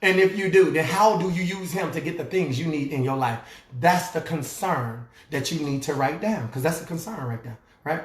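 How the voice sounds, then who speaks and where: Loud preaching man from Chicago, high voice. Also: moderate pace, recorded from a distance. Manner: loud, preacher-like call and response. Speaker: life coach. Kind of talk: motivational power coaching with scripture. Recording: echoey room.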